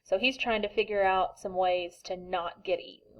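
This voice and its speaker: Animated woman reading to kindergarten. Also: mid-range voice, normal speed, muffled recording. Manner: animated, asks the children questions. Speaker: kindergarten teacher. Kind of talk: reading a picture book aloud to young children.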